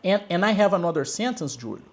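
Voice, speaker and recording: A man with a Brazilian Portuguese accent gives a one-on-one English lesson. His pitch rises and falls in a lively way as he repeats key words. He keeps checking in with the student. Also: quick pace. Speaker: English teacher.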